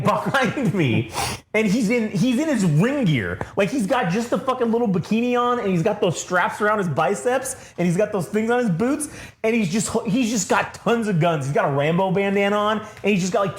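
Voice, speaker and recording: A man with a high voice spins a long, rambling story in casual podcast chat. He swears freely and keeps breaking into laughter. His voice echoes around a bare room. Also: slight background noise. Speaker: podcast co-host.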